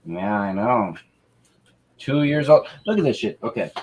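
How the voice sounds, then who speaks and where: A man streaming a casual chat, swearing a lot and cooing softly to his dog. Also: lowish voice, expressive, measured pace. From Canada.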